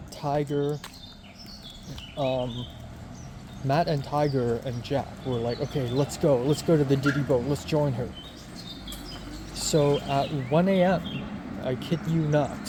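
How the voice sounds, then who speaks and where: A man's voice: medium pitch, noisy background. A man in his twenties telling a story in a casual vlog, rambling and chatty with lots of fillers. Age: 20s. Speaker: vlogger.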